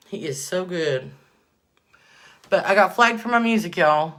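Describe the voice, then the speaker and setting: A woman chatting casually to viewers on a livestream while doing her makeup, excitable and prone to loud bursts of praise. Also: low voice, moderate pace. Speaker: livestream host.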